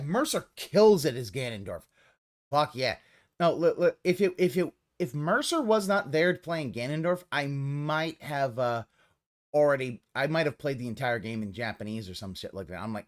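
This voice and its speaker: A man's voice: on the high side, normal speed. A man streaming live and commenting casually, rambling and swearing as he reacts to a clip. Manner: rambling, profane, animated.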